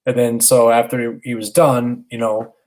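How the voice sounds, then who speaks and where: A man in his thirties co-hosting a casual podcast, telling a long story in a middle-pitched voice. He rambles earnestly, stopping and restarting his sentences as he goes. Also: level tone, normal speed, darkish tone. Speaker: podcast co-host, father.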